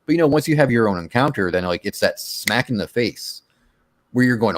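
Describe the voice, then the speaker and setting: Animated man telling a spooky story. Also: medium pitch, fairly quick. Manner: animated, acts out his own shouts and quotes. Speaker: podcast host telling his encounter story. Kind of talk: casual storytelling on a call-in show.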